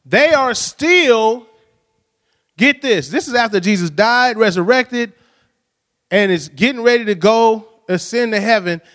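High-voiced man preaching in an echoing hall. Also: animated, unhurried, a bit bright. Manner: storytelling, frequent "right?" tag questions. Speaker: pastor. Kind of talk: conversational sermon. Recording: long hall reverb.

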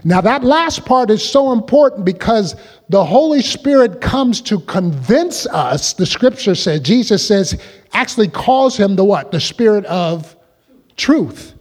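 High-voiced preaching man in a reverberant hall. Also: big pitch swings, measured pace, a little mellow. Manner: call-and-response preaching, asks the congregation questions. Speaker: pastor. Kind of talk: sermon.

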